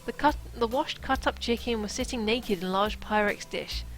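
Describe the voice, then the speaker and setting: A woman's voice: a little high, normal speed, faint music behind, low-quality recording. A woman streaming herself reading a novel aloud, stopping for playful, chatty asides.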